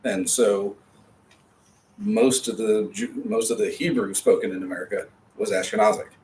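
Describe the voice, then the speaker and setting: Man, class teacher, patient and chatty, lowish voice, distant mic with faint hiss. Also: steady tone, moderate pace, dark tone. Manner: patient, explanatory, chatty asides. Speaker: Hebrew teacher. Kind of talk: classroom lecture.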